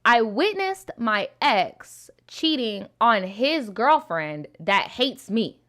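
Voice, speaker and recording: A woman's voice: fairly high pitch, sing-song, slow pace, fairly bright tone. A woman hosting a live show, chatting casually and bluntly with her audience, swearing and laughing often as she reads viewer stories and comments. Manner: blunt and profane, laughs often, talks straight to the chat. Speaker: livestream host reading viewer stories.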